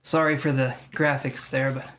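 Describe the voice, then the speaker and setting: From home, a tarot reader hosts a casual live stream, chatting with viewers by name and cracking jokes at their own expense. The voice is medium-pitched, level, slightly bright and at normal speed, with a little hiss or hum in the background.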